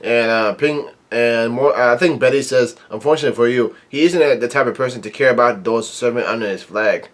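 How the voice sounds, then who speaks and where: A man casually recapping a manga chapter, rambling with many fillers and reading the dialogue out flatly. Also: mid-range voice, brisk, hardly any pauses. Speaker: manga reviewer.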